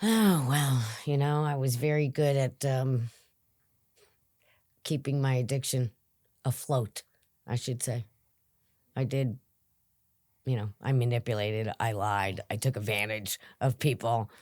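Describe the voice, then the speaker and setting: A woman's voice: a bass voice, unhurried, pauses often, a little mellow, no room sound, studio quality. A woman guest in an interview, speaking earnestly and reflectively, sometimes dropping to a whisper. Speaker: guest in recovery. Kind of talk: interview conversation.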